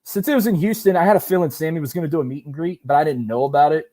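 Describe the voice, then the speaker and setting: A man guesting on a podcast interview, telling loose, animated stories with casual swearing. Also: fairly high pitch, racing. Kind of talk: casual chat.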